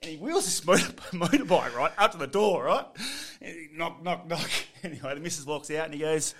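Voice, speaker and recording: Middle-aged Australian man, lively pitch, story-spinning podcast guest. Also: a little fast, a little hiss or hum. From Western Australia. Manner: animated storyteller, acts out quotes, laughs often. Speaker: podcast guest, former footballer. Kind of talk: storytelling in casual chat.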